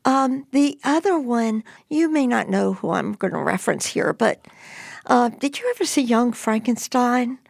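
Older woman guest, gravelly and slow, recounting her own story with gusto. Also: a little high, no room sound, clean studio sound. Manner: lively, animated retelling with voiced quotes. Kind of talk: telling a personal story in an interview.

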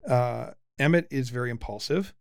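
Lively teasing father in his forties. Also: medium pitch, moderate pace, creaky, dry recording, studio quality. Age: 40s. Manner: lively, teasing, with frequent restarts. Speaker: podcast host, father. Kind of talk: casual conversational podcast.

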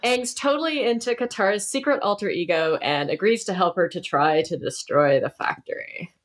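A woman's voice: mid-range voice, normal speed. Woman casually recapping an episode. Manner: conversational, hesitant. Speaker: podcast co-host.

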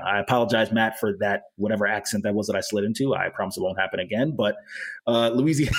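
A man hosting a casual college football talk show, chatting through scores and stats with quick asides and self-corrections. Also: on the low side, fairly even intonation, slightly rough. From Florida. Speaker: sports talk host.

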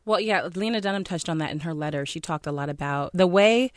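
A podcast co-host in a casual chat, earnest and measured. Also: mid-range voice, no room sound, clean studio sound.

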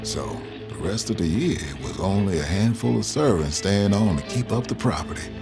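A man's voice: deep voice, lively intonation, normal speed, gravelly, over music. A man with a Southern US accent playing a freed father who narrates his family's story in a reflective audio drama voice.

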